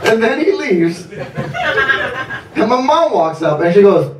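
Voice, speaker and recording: A man's voice: high voice, sing-song, slow pace, far from the mic, a loud crowd. A man from Texas doing a stand-up comedy set, telling a story conversationally and laughing at his own jokes. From Texas, USA. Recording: echoey club recorded from afar, noisy.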